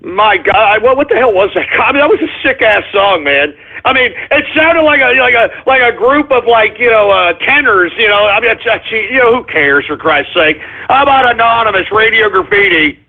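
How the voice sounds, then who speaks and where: An exasperated male radio host who curses and grumbles through his complaints. His voice is very high and husky. It comes through a tinny, phone-like line. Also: lively intonation, moderate pace, hardly any pauses. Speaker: radio call-in show host. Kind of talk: call-in radio talk.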